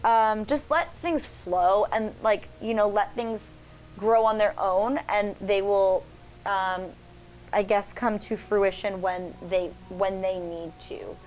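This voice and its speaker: A woman co-hosting a casual tarot chat, rambling through card meanings with lots of fillers and pauses. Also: mid-range voice, a little mellow, slight background noise, low-quality recording. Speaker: co-host learning tarot.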